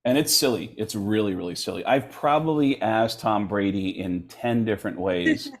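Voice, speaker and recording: A middle-aged man, a comedian guest in an interview, telling stories with lively energy and acting out the voices of people in them. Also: fairly low pitch, normal speed. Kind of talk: animated storytelling in an interview.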